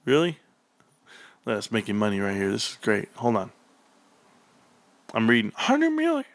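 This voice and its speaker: A male livestream host reacting excitedly to an earnings report, reading figures aloud and bursting into shouts. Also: fairly low pitch, normal speed, no room sound. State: out of breath.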